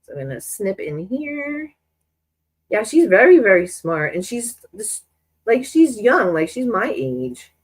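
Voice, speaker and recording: A woman's voice: on the high side, very animated, measured pace, husky, poor audio. A woman hosting a sewing live stream, chatting in a rambling way with many restarts while she works, stuffy from a lingering cold. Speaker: sewing channel host.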